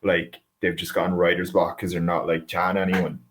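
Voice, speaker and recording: A man's voice: sits low, level tone, fairly quick, a bit bright, a little hiss or hum. A man from West Cork with a Cork Irish accent, chatting casually as a musician guest on a podcast and filling his talk with "like". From West Cork, Ireland. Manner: chatty, laughs often, says "like" a lot.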